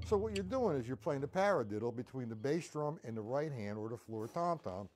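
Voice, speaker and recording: A man's voice: medium pitch, animated, fairly quick, hardly any pauses, loud music behind the voice. A man teaching a live-streamed drum lesson, counting beats aloud and checking in with his viewers. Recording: drum kit playing behind voice. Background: loud drum kit.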